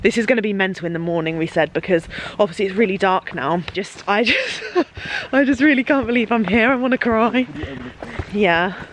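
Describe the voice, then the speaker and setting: A woman's voice: mid-range voice, fairly quick, rough recording. A young Englishwoman talks straight into a handheld camera in a giddy, gushing vlog. She laughs often. Her voice sits in a middle register, and a faint hiss runs under the recording. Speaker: vlogger. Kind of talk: excited casual vlog. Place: large holiday lodge indoors.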